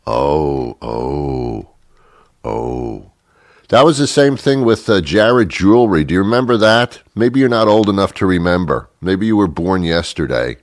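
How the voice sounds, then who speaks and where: A man's voice: lowish voice, expressive, normal speed, few pauses, no room sound, clean studio sound. A man hosting a talk show, rambling sarcastically through a comic monologue with many asides. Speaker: radio show host.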